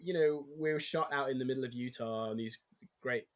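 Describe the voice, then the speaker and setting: A man from England with an English accent, talking casually as an actor guest, animated and quick to act out quoted lines. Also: mid-range voice. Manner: animated storytelling, acts out quotes, laughs easily. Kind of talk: casual interview chat.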